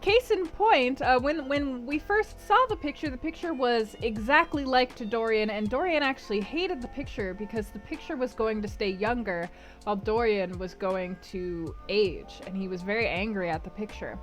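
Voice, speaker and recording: A woman's voice: on the high side, moderate pace, soft background music. A woman hosting a book club stream, recapping a novel in a chatty way with lots of fillers.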